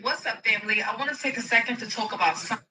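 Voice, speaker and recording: A woman's voice: fairly high pitch, quick pace, pushed and bright, far from the mic, low-quality recording. A middle-aged woman speaking directly to her followers as a vlogger.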